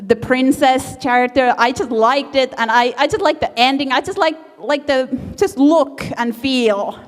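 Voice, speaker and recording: Woman with a Finnish accent, audience member, hesitant and giggly, fairly high voice, long hall reverb. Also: unhurried. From Finland. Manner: hesitant, giggly, repeats herself. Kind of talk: casual chat at a panel. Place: convention hall.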